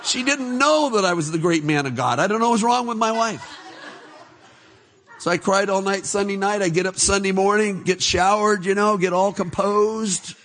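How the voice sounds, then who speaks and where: Middle-aged man, high-pitched voice, testimony sermon, animated storytelling, soft and hushed in reflective moments. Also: normal speed, slight background noise. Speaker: preacher.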